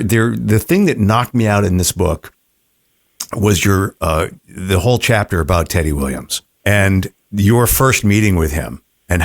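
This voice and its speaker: A man with a low, gravelly voice asks questions with halting gratitude. The recording is dry and close, with no room sound. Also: no echo. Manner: appreciative, halting. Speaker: interviewer. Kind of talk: interview questions.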